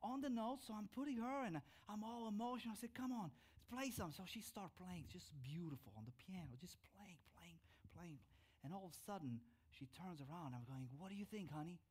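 A middle-aged male pastor gives a sermon testimony, his pitch swinging widely as he tells the story. He breaks into loud, drawn-out bursts on key words, then drops back to a calmer tone.

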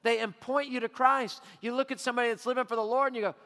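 A man preaching a sermon as pastor, emphatic and drawing out his words with pauses. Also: very high-pitched, fairly even intonation, sharp tone. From Texas. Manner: emphatic, with long drawn-out pauses. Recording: hall reverb.

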